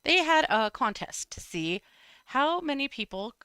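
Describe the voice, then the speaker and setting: A woman's voice: sits high, sing-song, measured pace, sharp tone, smooth, no echo, studio quality. A woman co-hosting a casual true crime chat show, telling stories in a wry way. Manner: storytelling, wry, frequent "mm-hmm". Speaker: podcast co-host.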